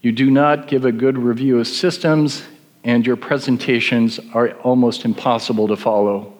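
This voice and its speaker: A man's voice: mid-range voice, steady tone, moderate pace, a little mellow, lightly acted. A man doing a stern, scolding doctor in a reverberant hall. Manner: harsh, scolding. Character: stern, cold older male department chairman doctor.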